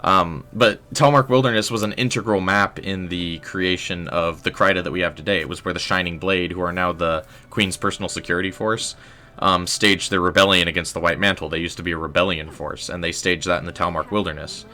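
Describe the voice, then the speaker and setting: A young man hosting a casual game livestream, rambling in a relaxed way with lots of "um" and "like". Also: low voice, brisk. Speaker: livestream host.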